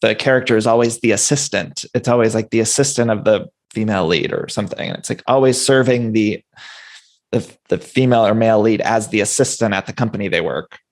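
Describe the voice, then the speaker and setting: A man's voice: lowish voice, fairly quick. A man hosting an interview podcast, chatty and enthusiastic, running through a guest's credits with questions. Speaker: podcast host. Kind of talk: casual interview chat.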